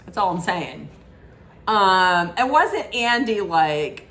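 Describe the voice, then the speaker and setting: A woman chats through a reality show recap at an unhurried, drawling pace. Her tone is sassy and gossipy, loose with fillers and asides, as if talking to friends from her home. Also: on the low side, animated, fairly bright tone, slight background noise. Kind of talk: casual chatty recap.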